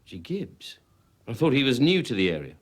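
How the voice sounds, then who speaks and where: A hesitant, soft-spoken detective. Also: male voice, medium pitch, sing-song, brisk. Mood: cautious. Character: patient male detective probing a witness. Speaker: police detective. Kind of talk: TV police drama acting.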